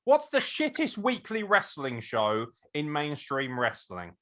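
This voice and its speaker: Sweary excitable man on a podcast. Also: on the high side, unhurried. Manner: sweary, excitable, laughs often. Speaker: podcast co-host. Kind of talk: casual chat.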